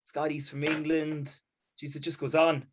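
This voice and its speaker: An Irish man, a basketball captain and coach, in casual chat, animated and quick to laugh. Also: a little high, a little hiss or hum. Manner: animated, laughs often, acts out sounds.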